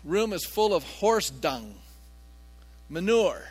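A man's voice: high voice, very animated, slow, husky. A male pastor preaching a sermon, emphatic and full of rhetorical questions to his congregation. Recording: long hall reverb.

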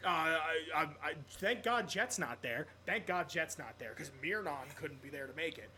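A man from Pennsylvania co-hosting a casual gaming podcast, animated and prone to ranting with rapid questions and swearing. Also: on the high side, slight background noise. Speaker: podcast co-host.

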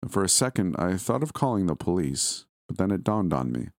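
A man reading a scripted first-person horror story in a steady, measured way. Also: low voice, no room sound, clean studio sound.

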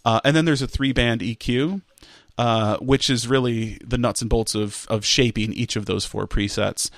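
In a dry recording, a man with a mid-range voice, fairly even intonation, and moderate pace explains audio equipment casually and step by step. He's an audio product specialist guesting in an online interview, frequently using fillers and restarting. He talks through headphones and a studio microphone on the call.

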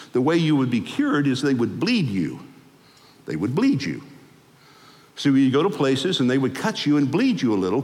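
A male pastor delivers a sermon in a church sanctuary, his voice carried by a long hall reverb. He speaks at a middling pitch but swings it high and loud, then drops low and soft, whenever he acts out the people in his stories. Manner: animated, acts out quoted people in shifting voices.

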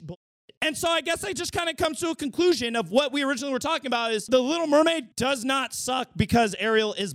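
High-voiced man reviewing a film, hoarse. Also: no echo, studio quality. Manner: animated, swearing, acts out scenes in voices. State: losing his voice. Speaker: podcast host. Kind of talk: casual movie review monologue.

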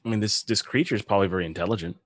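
A man's voice: on the low side, racing, dry recording. A man hosting a podcast in casual chat, telling stories animatedly, laughing often and swearing. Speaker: podcast host.

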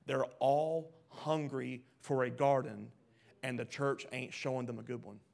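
A man preaching a sermon, reading scripture aloud and questioning the congregation, swinging from hushed lines to loud ones. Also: mid-range voice, fairly even intonation, measured pace, creaky. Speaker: pastor.

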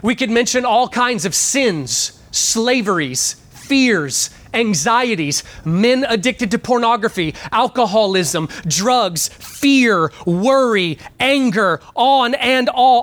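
A man preaching to a live congregation. He moves from a quiet, earnest prayer into lively storytelling, then drives his points home with emphatic, climbing questions. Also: extremely high pitch, slow pace, few pauses. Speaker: pastor. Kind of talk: sermon. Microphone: live church microphone.

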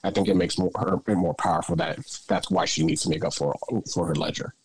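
A man's voice: low voice, big pitch swings, fast, creaky, breathy edge. A man co-hosting a podcast, casually sharing thoughtful takes on a film. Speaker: podcast co-host. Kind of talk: casual movie discussion.

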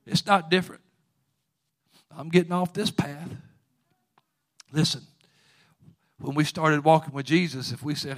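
Fervent preacher, man, rising to shouts. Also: a little high, unhurried, pauses often. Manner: swings from quiet storytelling to loud, fervent exhortation. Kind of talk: sermon.

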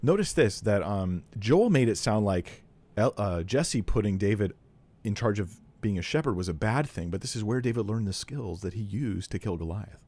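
A man with a somewhat low voice teaches from scripture, reading passages aloud and breaking off into casual, emphatic commentary. He clears his throat now and then between thoughts. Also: animated, normal speed, darkish tone, no echo. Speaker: Bible teacher critiquing a preacher.

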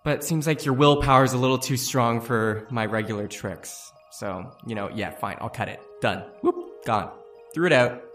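A man's voice: mid-range voice, moderate pace, a bit bright, soft background music, natural voice. A man voicing a sly, bored male beast in a tabletop game, coaxing and playful with a folksy manner. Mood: teasing.

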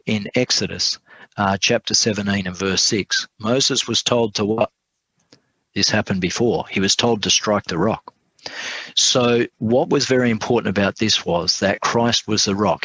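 A man's voice: lowish voice, fairly bright tone, dry recording, poor audio. A man teaching a Bible study class, reading scripture aloud with emphasis and putting questions to his audience.

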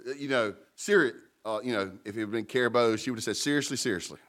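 A man's voice: medium pitch, quick pace, fairly bright tone. A man preaching a sermon as pastor. He speaks emphatically, repeats key words for weight, and slips into colloquial asides to the congregation.

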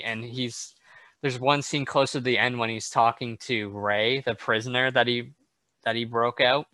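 A young man lays out his reading of a film in a casual conversation, his tone bright and sharp. The recording is dry and close, with no room sound around him. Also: medium pitch, fairly even intonation, normal speed, no echo. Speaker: film discussion co-host. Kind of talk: casual chat.

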